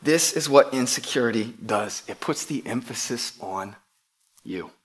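A man preaching a sermon to his church, emphatic, often repeating words and dropping from loud to hushed. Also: medium pitch, lively intonation, a little slow. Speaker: pastor.

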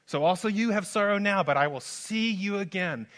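A man preaching a sermon as pastor, moving from hushed lines to loud, urgent ones. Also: high-pitched, normal speed. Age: adult father. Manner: dynamic preaching, swings from soft to loud.

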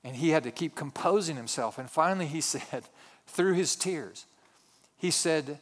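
A man preaches a sermon from the pulpit, his voice sitting a little high. He tells his stories in a conversational way and often turns to the congregation with asides and questions. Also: animated, normal speed. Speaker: pastor.

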